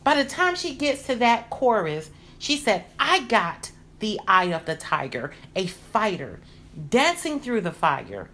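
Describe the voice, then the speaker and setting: A woman hosting a motivational podcast, talking in an earnest, encouraging way that grows lively when she gets excited. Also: medium pitch, unhurried. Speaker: podcast host.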